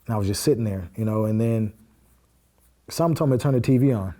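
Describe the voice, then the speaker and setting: On a podcast, a guest relates a personal story in an offhand way, his lowish, mellow voice moving fast. He acts out the conversations he describes using straightforward, blunt speech loaded with fillers and curse words.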